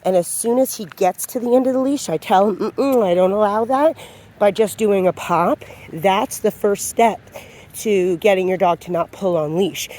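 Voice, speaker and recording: A woman dog trainer gives a calm, low-key lesson on leash handling while walking outside, talking with many fillers. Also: moderate pace. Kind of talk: outdoor training demonstration. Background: passing vehicles.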